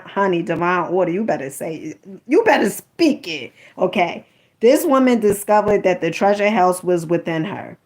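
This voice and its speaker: A woman's voice: lowish voice, darkish tone. A woman reading a book aloud to her listeners, stopping often to add sassy, chatty remarks, calling them honey. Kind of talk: casual commentary while reading aloud.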